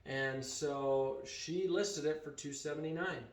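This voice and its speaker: A man tells a story to his vlog audience in a lively, animated way, voicing the people he quotes. His voice sits a little high for a man. The room around him rings with echo. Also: a little slow, noisy background. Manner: animated retelling that acts out quoted dialogue. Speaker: vacation rental owner and vlogger. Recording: echoey room.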